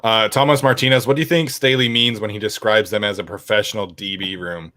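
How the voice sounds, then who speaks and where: Young guy hosting a sports podcast, kinda low voice but bright, dry sound, lots of um and like. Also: fairly even intonation, a little fast, dry recording. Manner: rambling, many fillers, reads viewer questions. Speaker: podcast host. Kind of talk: casual sports podcast chat.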